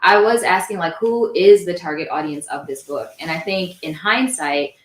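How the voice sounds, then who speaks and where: A woman from New York with a lowish voice asks probing questions in a casual book club discussion. Her words carry in an echoey room. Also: normal speed. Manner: questioning, thoughtful.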